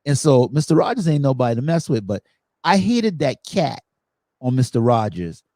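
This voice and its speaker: A man hosting a podcast, telling stories in a lively way and acting out the quotes. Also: medium pitch, moderate pace. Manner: animated storytelling, acts out quotes. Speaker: podcast host. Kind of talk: casual chat.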